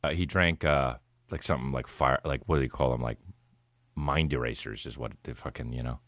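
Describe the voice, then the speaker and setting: A man's voice: a bass voice, fairly quick, a bit bright, no room sound. A man in his thirties hosting a podcast, telling a rambling, profane, laid-back comedic story. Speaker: podcast host.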